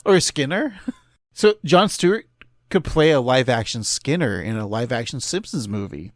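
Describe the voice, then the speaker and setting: A man's voice: medium pitch, expressive, moderate pace, dry recording, studio quality. A man co-hosting a podcast, chatting casually with jokey, laughing asides. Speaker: podcast co-host. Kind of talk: casual chat.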